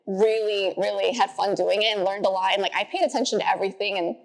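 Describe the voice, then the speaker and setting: A young woman in her twenties, a podcast guest telling stories in a chatty way, filling her talk with "like" and jumping higher when she quotes people. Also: steady tone, fast, creaky. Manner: chatty, says "like" often, acts out quotes in a high voice. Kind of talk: casual interview storytelling.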